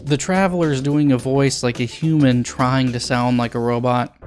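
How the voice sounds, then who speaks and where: A man's voice: mid-range voice, steady tone, moderate pace, darkish tone, soft background music. Blunt, sarcastic male game reviewer. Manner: blunt, sarcastic, crude jokes. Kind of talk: scripted video game review.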